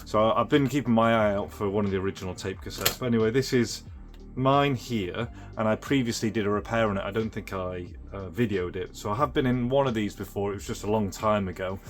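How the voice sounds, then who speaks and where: A man's voice: lowish voice, brisk, soft background music. A man hosting his own channel, casually showing off and explaining retro toys, rambling with fillers and restarts. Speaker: retro toy restorer and channel host. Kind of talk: casual show-and-tell demo.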